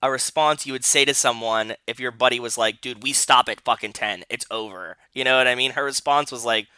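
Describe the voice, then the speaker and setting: A man co-hosting a podcast in excited casual chat, animated and swearing freely. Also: mid-range voice, fairly quick, clear, resonant tone, dry recording. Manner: animated, swears freely, acts out quoted voices. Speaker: podcast co-host.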